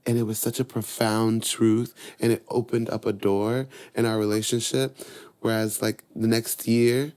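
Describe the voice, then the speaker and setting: A young man on a podcast as a guest, chatting casually and telling lively personal stories. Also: moderate pace, clean tone. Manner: animated storyteller, voices his younger self and mom in higher tones. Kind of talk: casual chat, storytelling.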